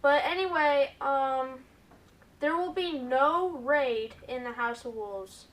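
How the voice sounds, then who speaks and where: A woman hosting a gaming video, giving excitable gameplay commentary and often calling out to her viewers. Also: sits high, slow pace, far from the mic. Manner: excitable, keeps addressing viewers as "guys".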